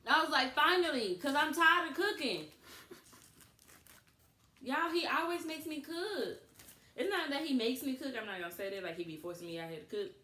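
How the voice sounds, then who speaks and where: Animated woman in a roomy echo. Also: high-pitched, normal speed, long pauses. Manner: animated storytelling, laughs often. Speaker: co-host of couple channel. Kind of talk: casual couple chat. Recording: echoey room with faint noise.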